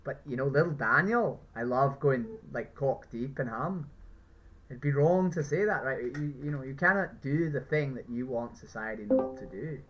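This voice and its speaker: A woman's voice: rumbling low, lively intonation, normal speed, dull audio, soft background music. A woman from England speaking in a put-on Northern Irish accent, a vegan activist pressing passersby in a persistent, questioning street debate outdoors.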